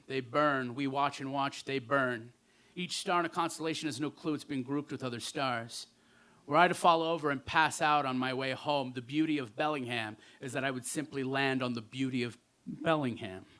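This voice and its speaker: A man performing spoken word poetry live on a festival stage, with rhythmic delivery and pointed pauses, into a stage microphone. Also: on the high side, sharp tone.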